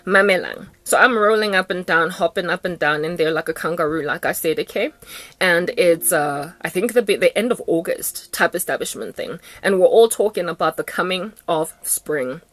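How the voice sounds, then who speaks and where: A woman's voice: lowish voice, moderate pace, fairly bright tone. A young South African woman ranting in a sassy, emphatic, theatrical way in a casual vlog monologue. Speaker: Christian vlogger.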